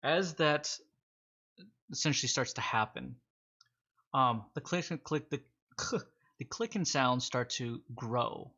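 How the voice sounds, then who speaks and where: A man's voice: medium pitch, animated, sharp tone, husky. Guy running a tabletop game, kinda stuffy rusty voice, draws out the spooky bits, muffled lo-fi mic. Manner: slow, suspenseful descriptions with fillers and restarts. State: stuffy, slightly rusty voice from sinus trouble. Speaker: game master.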